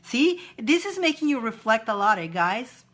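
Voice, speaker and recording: A woman's voice: on the high side, big pitch swings, moderate pace, a bit bright. A woman hosting a live-stream spiritual advice chat, encouraging viewers with repeated phrases and reading out their comments. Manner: repetitive, encouraging, reads viewer comments aloud.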